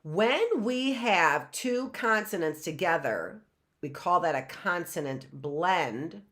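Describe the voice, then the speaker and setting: Slow, lively woman teaching phonics. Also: lowish voice. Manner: asks the class and answers herself, sounding out letters; drawn-out, repeated sounds and frequent "right?". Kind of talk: live phonics lesson.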